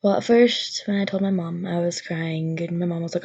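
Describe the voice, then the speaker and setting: A woman's voice: on the low side, steady tone, moderate pace, darkish tone, breathy edge, highs cut off. A young woman telling a personal story in a vlog, nervous and rambling with many fillers. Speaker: vlogger.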